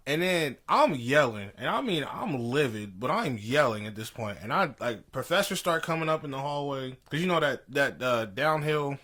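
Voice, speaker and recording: A man's voice: mid-range voice, animated, moderate pace, hardly any pauses, pushed and bright. A young man co-hosting a podcast, telling a story in casual slangy chat and laughing as he goes. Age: young adult. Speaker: podcast co-host. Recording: poor audio.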